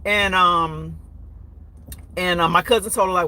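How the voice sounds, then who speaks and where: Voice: medium pitch, fairly even intonation, a little slow, pushed and bright. A vlogger from the United States telling a travel story in a chatty, rambling way with many fillers. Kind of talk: casual storytelling. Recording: noisy background.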